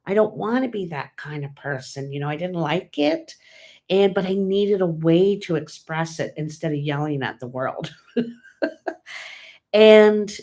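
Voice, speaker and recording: A woman's voice: fairly low pitch, animated, a little slow, darkish tone. A woman hosting her own vlog, talking in a candid, casual way with many fillers and restarts. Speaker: tarot channel host. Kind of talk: casual personal vlog talk.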